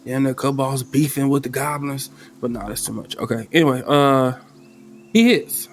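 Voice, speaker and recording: A man running a solo tabletop game as game master, talking loosely in slang and thinking out loud. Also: mid-range voice, moderate pace, slight background noise. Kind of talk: casual tabletop game narration.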